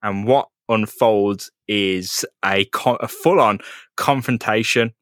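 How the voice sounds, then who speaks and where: A man co-hosting a podcast, retelling a comic book story in an animated, casual way with frequent swearing. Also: fairly low pitch, takes it slowly, dry recording, studio quality. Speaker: podcast co-host.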